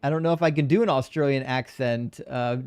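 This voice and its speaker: A man's voice: mid-range voice, fast, darkish tone, clean tone, no echo. Chatty man hosting a live stream. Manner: chatty, addresses viewers as friends. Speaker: live-stream debate host. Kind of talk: casual live-stream chat reading super chats.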